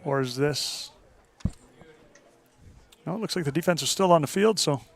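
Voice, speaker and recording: A man with a Canadian accent giving relaxed, chatty colour commentary at an outdoor football game, with plenty of fillers. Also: fairly high pitch, normal speed. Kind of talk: casual sports colour commentary.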